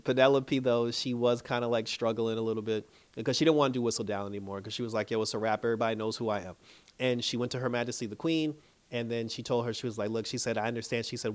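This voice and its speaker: Animated man recapping a TV episode. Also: mid-range voice. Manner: animated, profane, laughs often, acts out characters' lines. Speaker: TV show reviewer. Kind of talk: casual recap and review.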